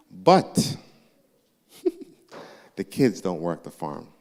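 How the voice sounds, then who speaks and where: A man representing a university, answering audience questions live in a church, lively and joking, teasing the crowd. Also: on the low side. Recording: echoey church hall.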